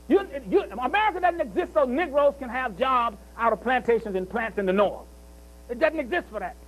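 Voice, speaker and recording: A man preaches in a strikingly high voice, bright and forceful in tone. He drives his points home through repetition and keeps asking his listeners whether they follow him. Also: poor audio. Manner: emphatic, repetitive, with rhetorical questions like "see?". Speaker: speaker at a commemorative celebration. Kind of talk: preaching-style speech.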